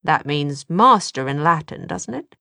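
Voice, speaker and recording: A woman's voice: deep voice, expressive, measured pace, creaky, sharp tone, no room sound, full character voice. A woman voicing a cheerful, flippant young British man with a dry, mocking manner, read from a novel. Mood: teasing. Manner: teasing, dryly mocking.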